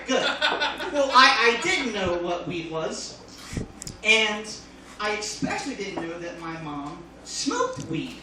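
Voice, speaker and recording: A man performing a casual stand-up comedy set, talking loosely with many fillers and sudden loud jumps, recorded from far off on a phone in a comedy club. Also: high voice, very echoey, background noise. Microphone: phone filming from the audience.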